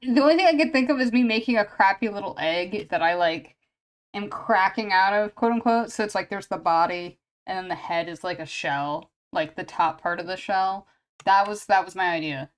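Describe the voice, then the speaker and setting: A woman's voice: medium pitch, normal speed. A woman streamer chatting casually and rambling with lots of fillers while she draws live, a little sniffly. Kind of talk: casual chat while drawing.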